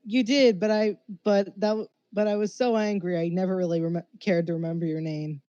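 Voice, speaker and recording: A woman's voice: medium pitch, flat delivery, fairly quick, warm tone, no echo, highs cut off. A woman playing a tabletop game, teasing and giggly as she talks in and out of character. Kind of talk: casual role-play.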